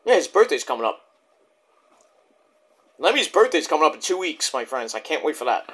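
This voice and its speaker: An excitable man rambles through a casual review monologue and swears freely. His voice is high and bright. Its pitch swings around constantly. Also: normal speed, breathy edge. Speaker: wrestling show reviewer.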